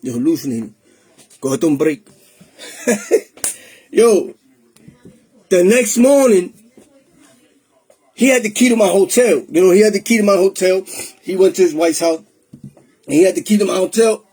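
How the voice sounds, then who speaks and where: A man recounts his own testimony in a high, husky voice. He talks in a streetwise, emotional way and slips Spanish phrases into his English. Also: measured pace, pauses often, a little mellow. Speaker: testimony speaker. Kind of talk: personal testimony storytelling.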